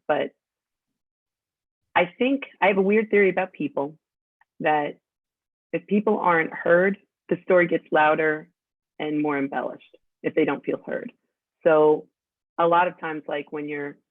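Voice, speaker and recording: A woman's voice: low-pitched, dry recording. A woman from New York with a New York accent, a guest talking in a chatty, straightforward way in a casual interview. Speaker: podcast guest. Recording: tinny phone-like line.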